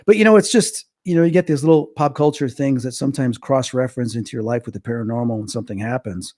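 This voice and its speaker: In a casual interview, a male medium guest tells childhood stories with animation, performing the quotes in character voices. He speaks fast in a mid-range voice, recorded with clean studio quality and no echo.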